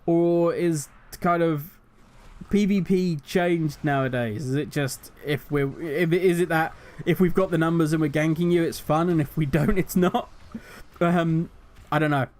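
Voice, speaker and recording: A man's voice: on the high side, a little slow, darkish tone. A man hosting a gaming channel, ranting animatedly with exasperated rhetorical questions. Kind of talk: casual commentary rant.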